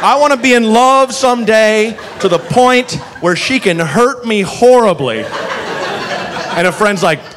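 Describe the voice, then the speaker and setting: A male stand-up comedian telling a story on stage, animated and profane, acting out the people in it. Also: high-pitched, measured pace. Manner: animated, profane, acts out characters. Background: audience laughter.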